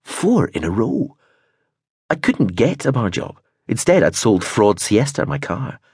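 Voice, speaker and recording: A man narrating a novel in the first person, an expressive storyteller with a husky tone. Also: mid-range voice, unhurried, no echo, clean studio sound. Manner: expressive storytelling with voiced character turns. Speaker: audiobook narrator.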